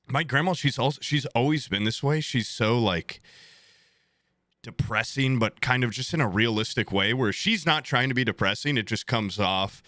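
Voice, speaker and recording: Young male podcast host, bright and tense voice, rambling casual storyteller. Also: mid-range voice, moderate pace, no room sound, clean studio sound. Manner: rambling, filler-heavy, swears.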